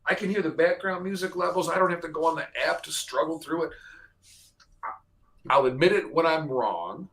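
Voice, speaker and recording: A man's voice: a little high, moderate pace, gravelly, fairly bright tone, rough recording. A man hosting a radio show in casual, joking studio chat, chatty and exaggerating for laughs. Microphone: studio microphone.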